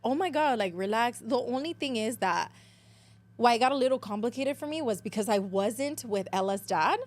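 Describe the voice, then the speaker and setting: A woman's voice: fairly high pitch, moderate pace. Bilingual young woman telling a story. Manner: animated storytelling, swears freely, acts out quotes; switches between English and Spanish. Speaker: guest. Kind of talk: casual chat.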